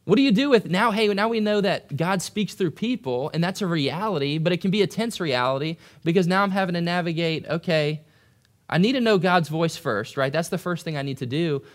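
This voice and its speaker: A young man preaching a conversational sermon, animated and acting out quoted voices. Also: sits high, fairly quick, few pauses. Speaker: pastor.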